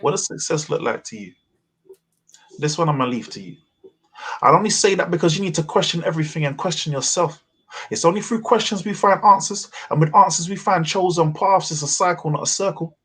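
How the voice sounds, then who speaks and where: Husky man performing spoken word. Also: fairly high pitch, bright, forceful tone. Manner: measured rhythmic delivery with wordplay. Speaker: open mic poet. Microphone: video call.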